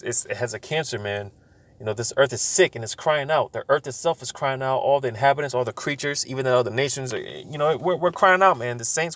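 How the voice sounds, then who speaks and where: A man's voice: medium pitch, fairly bright tone, dry recording. A man giving a casual preaching talk to his channel, loose and informal, full of fillers and repeated words. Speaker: religious video host.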